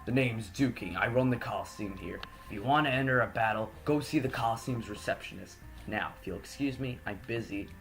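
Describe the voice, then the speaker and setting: A man's voice: fairly low pitch, brisk, creaky, hardly any pauses, a bit bright, soft background music. A man voicing a curt, dismissive man who runs the arena in a game.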